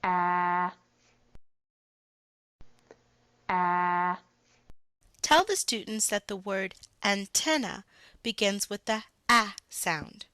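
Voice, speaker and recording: A woman reading out a scripted phonics lesson as a reading teacher, slow and deliberate, stressing each sound for the learner. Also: mid-range voice, lively intonation, pushed and bright, no room sound.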